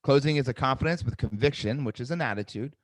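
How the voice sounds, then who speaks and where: A man's voice: medium pitch, quick pace, no room sound. Upbeat male trainer running a live webinar, dry mic, drills his points home. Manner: energetic, repeats key phrases, acts out sales calls with varied tonality. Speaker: sales trainer hosting a webinar.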